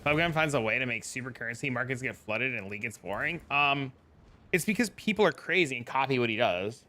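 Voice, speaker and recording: A man's voice: medium pitch, lively intonation, fairly quick, sharp tone, a little hiss or hum. A man streaming a game, chatting casually in a laid-back, profane, rambling way full of fillers. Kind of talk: casual live-stream chat.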